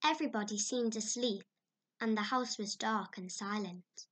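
A woman narrating a classic story in a measured, expressive way. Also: mid-range voice, husky. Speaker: audiobook narrator. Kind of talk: scripted narration.

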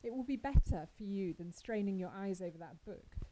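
A woman's voice: mid-range voice, animated, fairly quick, warm tone, a little hiss or hum, close to an everyday voice, rough recording. A woman voicing a strict, proper middle-aged mother who is cordial but firm.

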